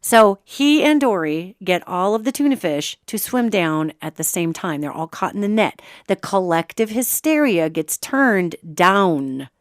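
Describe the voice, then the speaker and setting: A woman's voice: medium pitch, lively intonation, measured pace, hardly any pauses, no room sound, clean studio sound. A middle-aged woman hosting a solo spiritual commentary podcast, talking to listeners in an impassioned, conversational way. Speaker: host.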